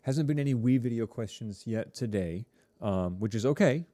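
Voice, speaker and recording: A man teaching a high school TV production class chats casually with his students on a live stream, full of fillers and rambling asides. He sounds animated and mellow, speaking at a moderate pace with no echo.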